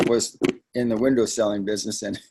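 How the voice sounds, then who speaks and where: A man's voice: fairly low pitch, level tone, a little fast, background noise. A man hosting a live sales training call for his team, talking in a conversational, emphatic way with frequent asides.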